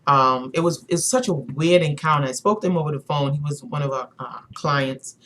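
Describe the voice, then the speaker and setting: A woman's voice: deep voice, brisk, noisy background. A woman co-hosting a casual spiritual chat, rambling with many fillers and restarts. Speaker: channel co-host.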